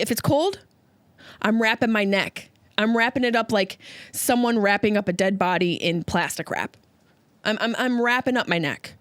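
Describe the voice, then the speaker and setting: A woman from Upstate New York hosting a solo comedy podcast, riffing with sarcastic, animated asides. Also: fairly high pitch, no room sound. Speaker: podcast host.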